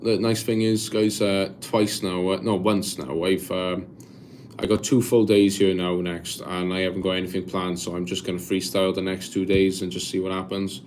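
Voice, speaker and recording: A Welsh man in his twenties chatting casually on a live stream, reading viewer comments aloud and answering in a halting, rambling way with lots of restarts. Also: sits low, level tone, darkish tone, a little hiss or hum. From Wales. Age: 20s.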